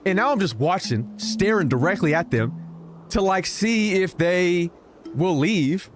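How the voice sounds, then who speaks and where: A man with a slightly high voice tells stories while he plays a game on stream. He talks casually, swears freely and gets animated, with clear game music playing behind him. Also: measured pace. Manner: animated, profane storytelling. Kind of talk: casual storytelling while gaming.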